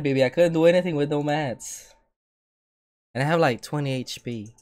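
A man streaming a video game, talking in slangy, profane casual chat that flares into loud rage. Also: on the high side, normal speed, long pauses, no echo. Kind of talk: live gaming commentary.

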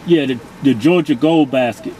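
Sitting in a car at a drive-thru, a middle-aged man co-hosting orders food and trades curses and banter, sounding profane and scolding. His voice is medium-pitched at a moderate pace, and the low-quality recording picks up crowd noise.

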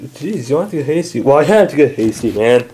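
A man's voice: mid-range voice, animated, quick pace, warm tone, a little hiss or hum. A man bickering and stammering through a homemade comedy skit in which he plays several characters.

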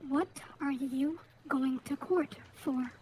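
A woman's voice: high voice, takes it slowly, mellow. A woman talking bluntly and sassily in character in a roleplay game. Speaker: fellow roleplay player.

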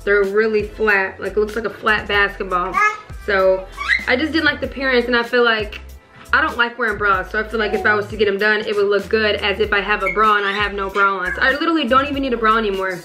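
A woman's voice: mid-range voice, fairly even intonation, fast talker, bright, forceful tone, faint music behind. A woman vlogging casually at home, chatty and rambling, full of fillers as she talks to her viewers. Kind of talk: casual vlog chat to viewers.

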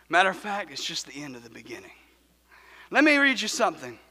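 A man preaching a sermon as pastor, in a rhythmic cadence that swells to shouts and sinks to a hush. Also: fairly high pitch, very animated, fast talker, husky. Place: church sanctuary. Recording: long church hall reverb.

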